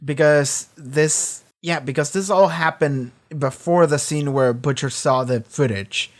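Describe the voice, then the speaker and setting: A man's voice: a little high, measured pace. A man hosting a reaction video, retelling scenes in a loose, profane way full of fillers. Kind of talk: casual reaction commentary.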